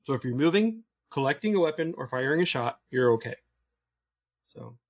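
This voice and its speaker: A man co-hosting a gaming podcast, explaining the news in a relaxed, matter-of-fact way. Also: medium pitch, normal speed, dull audio. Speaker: podcast co-host covering the news. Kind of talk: casual podcast chat.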